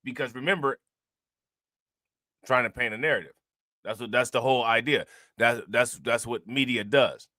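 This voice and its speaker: Guy doing casual news commentary, bright voice, repeats himself a lot, dry mic. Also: mid-range voice, moderate pace, pauses often, no echo. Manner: loose, repetitive, talks to viewers directly. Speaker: commentary channel host.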